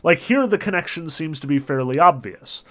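A man's voice: on the high side, expressive, moderate pace, fairly bright tone. A male professor giving an informal lecture, talking casually with lots of "um" and "like" and correcting himself mid-sentence. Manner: casual, frequent "um" and "like" fillers, self-corrects mid-phrase.

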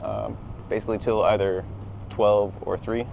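A man's voice: lowish voice, little pitch movement, moderate pace, vocal fry, darkish tone, slight background noise, rough recording. A man talking as a podcast guest on an outdoor walk, easygoing and hesitant, laughing often. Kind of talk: casual walk-and-talk chat.

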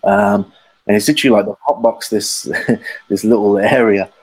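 On a podcast, a guest storyteller shares a casual anecdote in a lowish voice at normal speed, and the recording is rough. He's slangy and rambling, acting out the voices of the people in his story.

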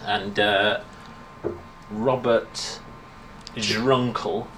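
A man's voice: fairly low pitch, steady tone, drawn-out words, a bit bright. A man co-hosting a podcast, chatting casually, joking and riffing on a bit. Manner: jokey, laughs a lot, riffs on bits. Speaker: podcast co-host. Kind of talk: casual pub chat. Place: pub. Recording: noisy pub ambience.

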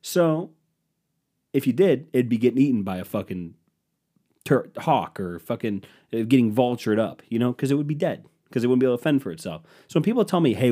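A man's voice: medium pitch, dark tone. A man hosting his own podcast, telling stories in a profane, sarcastic rant. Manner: profane, sarcastic, ranting storyteller. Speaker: podcast host.

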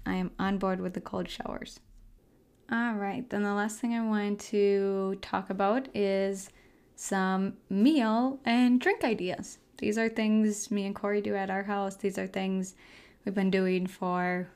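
A woman's voice: mid-range voice, fairly even intonation, slow pace, a little mellow, clear, resonant tone. A young woman hosting a casual solo health podcast from home, chatting in a rambling way with lots of fillers and frequent laughs. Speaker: podcast host. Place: house, indoors.

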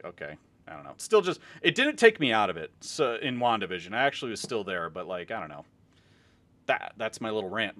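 A man's voice: on the low side, a bit bright. A man co-hosting a casual podcast, ranting with swings in energy and casual swearing. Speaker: podcast co-host. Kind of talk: casual chat.

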